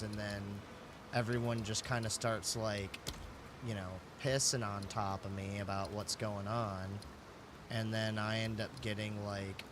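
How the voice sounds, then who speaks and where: A man's voice: fairly low pitch, flat delivery, measured pace, background noise. A man livestreaming a game, rambling casually with lots of swearing and "dude". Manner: rambling, profane, keeps saying dude. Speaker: streamer.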